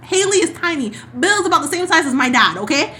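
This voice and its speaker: A woman co-hosting a podcast, casually recapping a soap opera and acting out the characters' lines in quick, sassy asides. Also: very high-pitched, a little hiss or hum. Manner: animated storyteller who acts out characters' lines. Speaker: podcast co-host.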